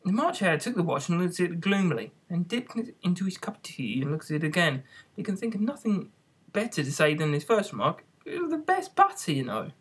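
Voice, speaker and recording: A narrator reads a classic children's story aloud in a plain, halting manner. The voice is husky, with lively swings in pitch. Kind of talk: amateur audiobook reading.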